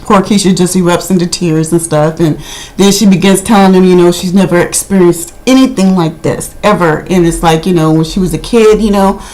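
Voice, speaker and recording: A woman's voice: lowish voice, fairly quick, a little mellow, low-quality recording. Indignant woman recapping reality TV. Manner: indignant, gossipy, repeats "I mean". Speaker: video reviewer.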